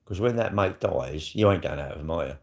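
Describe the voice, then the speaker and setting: A man's voice: low voice, expressive, brisk. A middle-aged man with a South East London accent, chatting casually on a live stream in a blunt, sweary, rambling way.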